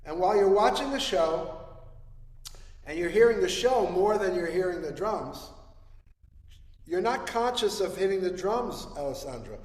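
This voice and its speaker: Male music teacher, high voice, direct playful coaching, roomy recording with a long reverb tail. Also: expressive, normal speed, long pauses, darkish tone. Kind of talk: webinar coaching. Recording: echoey room with long reverb.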